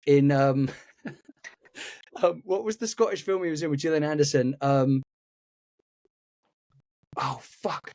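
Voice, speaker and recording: Excitable man stammering through a story. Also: fairly high pitch, slow pace, pauses often. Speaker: podcast co-host and actor. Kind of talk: casual chat, anecdote.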